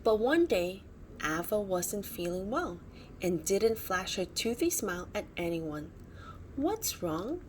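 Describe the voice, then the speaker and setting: A woman reads a bedtime storybook aloud, slowly and with plenty of expression. Her pitch rises and falls widely, and she stops to point out the pictures. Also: expressive, a little hiss or hum.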